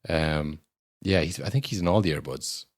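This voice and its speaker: Brief: low-voiced male podcast co-host, dry close mic, wry rambling film-review chat. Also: moderate pace, dry recording. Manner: wry, rambling, swears casually.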